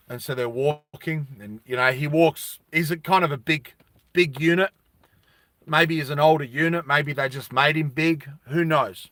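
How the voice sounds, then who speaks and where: An Australian man telling a story on a live stream, animated and laughing often as he talks with viewers. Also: on the high side, a little slow, long pauses, no room sound.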